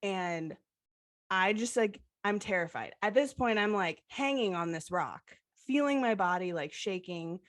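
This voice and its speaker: A young woman co-hosts a podcast and shares a personal story. Her voice sits at an ordinary middle pitch. She sounds heartfelt and keeps dropping "like" between her phrases. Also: animated, measured pace. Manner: heartfelt, filler-heavy retelling with "like". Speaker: podcast co-host.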